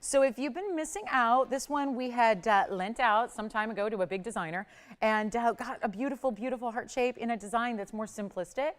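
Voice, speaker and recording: A woman hosting a live home shopping show, giving a chatty, upbeat sales pitch for jewelry from a TV studio. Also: a little fast.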